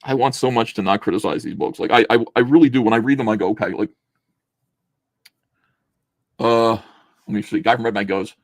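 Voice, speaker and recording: A fast-talking man with a low-leaning voice, heard in a dry recording, reviews comic books as a host. He keeps things casual and sarcastic, laughing as he reads aloud and performs each panel.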